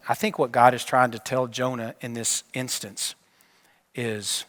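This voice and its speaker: A man's voice: medium pitch, level tone, measured pace. Man preaching in a reverberant church. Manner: storytelling delivery that drops from emphatic to hushed. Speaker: pastor. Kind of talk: sermon. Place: church sanctuary.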